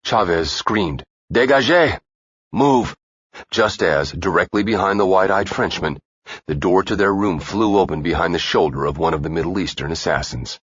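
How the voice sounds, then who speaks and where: A man narrating a thriller audiobook in a steady, even-paced reading. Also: deep voice, normal speed, slightly rough, no room sound. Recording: dull dry lo-fi recording.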